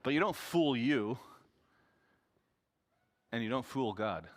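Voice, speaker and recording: A man's voice: medium pitch, animated, slow pace, in a large hall. A male pastor giving a sermon in an earnest, conversational way.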